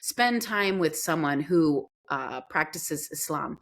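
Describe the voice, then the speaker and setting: A woman guest in an interview, telling a story in an earnest, animated way. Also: deep voice, slow, gravelly. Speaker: podcast guest.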